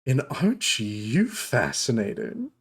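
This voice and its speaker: A man voicing a flirtatious, posh dark elf woman who runs a magic shop, drawling endearments. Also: medium pitch, wildly swooping pitch, slow pace, exaggerated voice. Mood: flirty, gushing. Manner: theatrical, drawling "darling".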